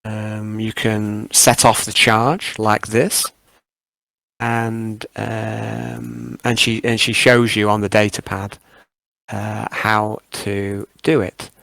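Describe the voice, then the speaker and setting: A man running a tabletop role-playing session, narrating with a low, gravelly voice and plenty of hesitant pauses. The sound is dry and close to the mic. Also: level tone, fairly bright tone, dry recording. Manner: hesitant, full of ums. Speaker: game master.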